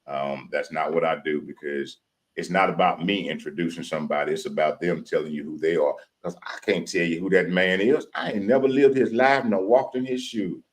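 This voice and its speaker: A man's voice: low-pitched, steady tone. A man from Louisiana, hosting a live stream show in folksy country talk. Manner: hyped chanting intro, drawn-out shouting. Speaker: podcast host.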